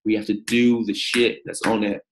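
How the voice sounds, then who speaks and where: A man with a slightly low voice hosts a live-stream coaching session. He is energetic and upbeat, calling viewers out by name and rallying them to sign up. He is heard through a simple streaming mic. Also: normal speed, slight background noise.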